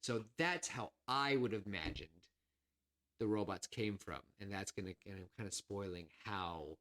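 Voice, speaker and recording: A man co-hosting a podcast, rambling and excitable as he acts out scenes in casual chat. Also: fairly low pitch, normal speed. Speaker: podcast co-host.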